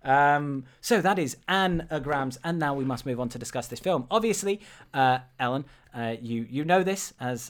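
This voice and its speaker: A man hosting a casual film podcast, animated and stumbling over his words, swearing often. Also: fairly high pitch, clean tone. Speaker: podcast host.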